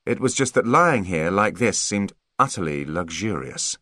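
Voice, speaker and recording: This is scripted audiobook narration by a man whose voice sits low, delivered in a measured, expressive storytelling style. The studio sound is clean, with no room sound at all.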